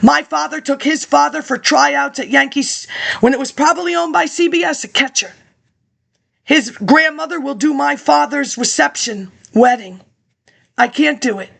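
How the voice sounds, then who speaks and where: High-voiced woman, rambling monologue, sarcastic asides, reads papers aloud. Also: normal speed, gravelly, a bit bright. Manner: rambling, jumps between topics, sarcastic asides.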